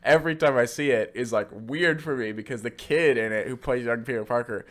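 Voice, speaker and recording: Bright-voiced young man, profane and rambling. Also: mid-range voice, fairly quick. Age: 20s. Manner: profane, laughing, rambling recap. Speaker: podcast co-host. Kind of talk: casual movie chat.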